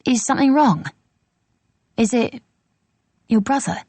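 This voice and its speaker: A woman voicing a brisk, sharp-tongued young woman who talks in a quick, teasing, blunt way. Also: fairly high pitch, lively intonation, dry recording, pitched above the performer's own voice.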